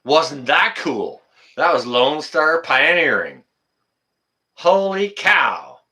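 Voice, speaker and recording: Excitable Canadian livestream host, bright voice. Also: male voice, fairly high pitch, slow. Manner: excitable, loud exclamations, many fillers. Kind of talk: casual live-stream chat.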